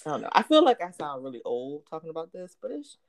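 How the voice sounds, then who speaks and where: A woman in her thirties co-hosting a podcast in casual chat, animated and laughing often, slipping into playful quoted asides. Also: low voice, fast talker, noisy background. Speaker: podcast co-host.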